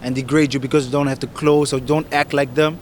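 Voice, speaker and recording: A man explaining things casually in a street interview, relaxed and slangy. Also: mid-range voice, fast talker, crowd noise. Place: city street outdoors.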